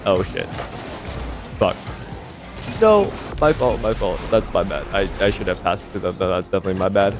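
Young male gamer, mid-pitch, hyped play-by-play with jumpy highs, beat music underneath. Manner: excitable, swears, self-mocking, voice leaps up high when hyped. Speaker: gaming YouTuber. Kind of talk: live gameplay commentary. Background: background beat music.

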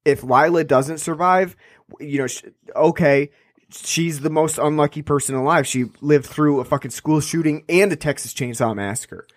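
A man's voice: on the high side, moderate pace, no room sound, clean studio sound. A man co-hosting a podcast, chatting casually about a film, rambling with many restarts and fillers. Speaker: podcast co-host. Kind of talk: casual film review chat.

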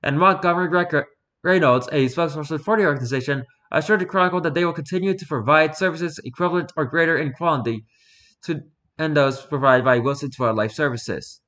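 A formal male newsreader, as a gamer puts him on delivers a report in a bright, slightly high voice. He reads in a stiff broadcast cadence but trips and restarts words as he goes. It has the feel of a stilted news-anchor impression from a video game playthrough. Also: a little fast, close to an everyday voice. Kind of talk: reading in-game news text aloud.

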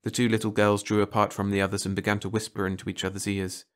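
A man narrating a short story in a calm, measured reading voice. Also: lowish voice. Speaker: audiobook narrator. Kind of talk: scripted narration.

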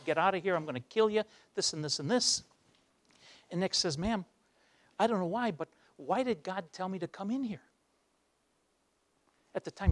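A man giving a motivational speech, telling a story and acting out its voices, dropping low for the dramatic moments. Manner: acts out the voices in his stories, drops low for dramatic moments. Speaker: guest speaker. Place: university lecture hall.

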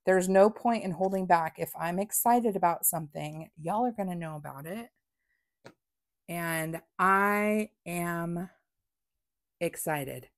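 A woman chats through a crafting unboxing at home. Her voice sits a little low and her pace is unhurried. She gushes with excitement and sometimes drops to a breathy whisper. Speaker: crafting vlogger. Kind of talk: casual unboxing chat.

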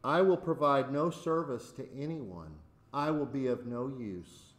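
A man voicing a dejected little male puppy who is sobbing, softly spoken. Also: medium pitch, unhurried, roomy sound, close to an everyday voice. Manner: dejected, soft.

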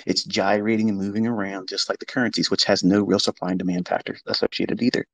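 A trading educator hosts an online audio chat, talking fast in a fairly low, creaky voice with fairly even intonation. His casual monologue is blunt and profane, and he mocks the doubters he quotes. The recording is low quality.

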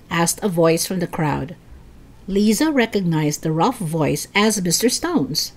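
A woman reading a children's chapter book aloud, raising her voice high and excited for the children's lines. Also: a little slow.

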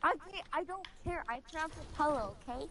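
A woman's voice: very high-pitched, fast, fairly bright tone. A young woman playing an online game with friends, stubborn and dismissive in a pronunciation argument. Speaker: gaming friend. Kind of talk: casual game chat. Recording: noisy voice chat.

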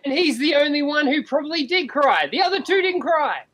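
A man's voice: extremely high pitch, expressive, a little fast, a bit bright. A man co-hosting a podcast, bluntly and stubbornly contradicting a friend. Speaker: podcast co-host. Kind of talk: casual argument.

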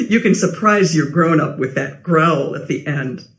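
A woman librarian talking gently and simply to young children at a storytime. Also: low voice, echoey room.

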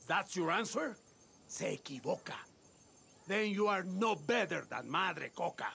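A man's voice: sits high, lively intonation, a little slow, vocal fry, sharp tone, husky, exaggerated voice. An actor playing a proud, defiant male Latin American rebel leader with a Latin American Spanish accent and an impassioned voice. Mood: indignant.

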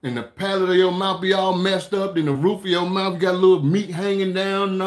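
Folksy chatty man cooking host. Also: sits high. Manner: folksy, chatty, drawn-out storytelling with lots of "man" and "y'all". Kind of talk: casual cooking talk to viewers.

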